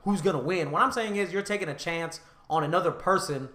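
A man's voice: high voice, a little fast, sharp tone, echoey room. A man with a Southern US accent, hosting a podcast, talking casually in a bold, emphatic, profane way. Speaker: podcast host. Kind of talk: casual chat.

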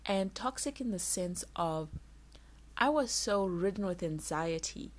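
A young woman vlogging candidly, telling an emotional personal story in quick, animated bursts. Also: mid-range voice. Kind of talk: casual vlog monologue.

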